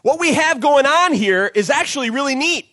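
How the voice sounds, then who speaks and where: A man preaching an animated youth sermon, acting out the disciples and crowd as he tells the story. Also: very high-pitched, moderate pace, no echo. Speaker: youth pastor.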